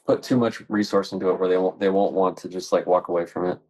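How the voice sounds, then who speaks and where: A man with a fairly low voice talks in a relaxed, easygoing way. He co-hosts a casual chat and tells stories at an unhurried pace. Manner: laid-back storyteller. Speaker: co-host of a collecting podcast.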